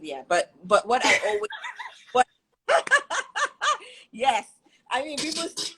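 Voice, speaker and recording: A woman hosting an interview, animated and self-deprecating, laughing often as she talks. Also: high voice, slow, pauses often, background noise. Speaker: interview host. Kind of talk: candid conversational interview.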